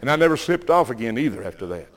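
An older man with a Southern US accent, preaching and telling folksy, animated stories while calling out to the congregation. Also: mid-range voice, racing. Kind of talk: sermon storytelling.

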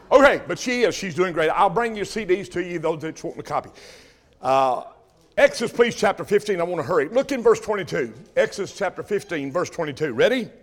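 An older man preaching a folksy sermon, calling questions out to his congregation. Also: high-pitched.

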